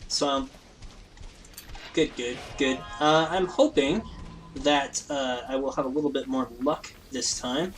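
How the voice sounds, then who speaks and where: A man's voice: medium pitch, steady tone, slow pace, soft background music, rough recording. A man giving rambling, self-deprecating, jokey commentary while playing a game. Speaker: let's play host. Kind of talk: casual gameplay commentary.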